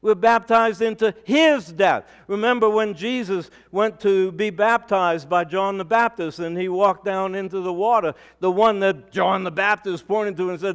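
A male pastor delivering a sermon, preaching with emphatic rises and sudden quiet drops. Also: high voice, moderate pace, few pauses, clean tone.

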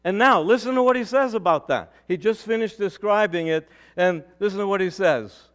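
A male pastor delivering a sermon, preaching with emphatic rises and sudden quiet drops. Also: high-pitched, moderate pace, hardly any pauses.

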